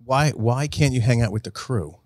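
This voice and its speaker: A man's voice: medium pitch, normal speed, no echo, clean studio sound. A man co-hosting a casual podcast chat, curious and asking questions. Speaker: podcast co-host.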